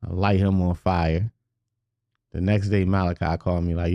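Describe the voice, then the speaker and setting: A man's voice: low-pitched, flat delivery, normal speed, dry recording, dull audio. A man, a rapper telling a story on a podcast, swearing freely and often repeating "you know what I mean". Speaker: guest rapper. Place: podcast studio.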